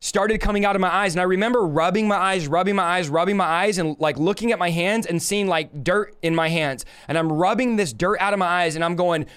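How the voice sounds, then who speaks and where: Male preacher, 30s, high and resonant voice, emphatic live-stream testimony. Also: a little fast, few pauses, fairly bright tone, clean tone. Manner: fervent, emphatic storytelling with repeated phrases; talks straight to live viewers.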